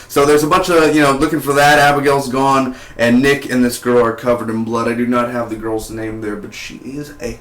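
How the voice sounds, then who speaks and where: A man's voice: mid-range voice, steady tone, a little fast, few pauses, fairly bright tone, echoey room. A young man casually reviewing a TV episode, chatty and rambling with side comments. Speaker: TV show reviewer.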